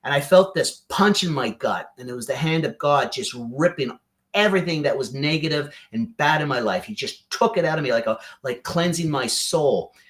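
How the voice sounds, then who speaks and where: A man, a podcast guest, telling a personal story in an animated way and often addressing the host by name. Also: fairly high pitch, moderate pace. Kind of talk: emotional storytelling.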